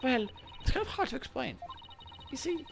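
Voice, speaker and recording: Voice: high-pitched, very animated, moderate pace, vocal fry, noisy background, voice pushed up, exaggerated voice. A streamer voicing an earnest young female lawyer, explaining things plainly while reading game dialogue aloud.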